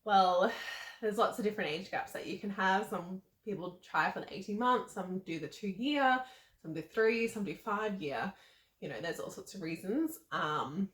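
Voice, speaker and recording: A woman's voice: mid-range voice, normal speed, fairly bright tone. A pregnant woman in her twenties, slightly out of breath, chatting to camera with lots of ums and small laughs. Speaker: vlogger. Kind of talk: casual talk to camera. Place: seated indoors. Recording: roomy echo.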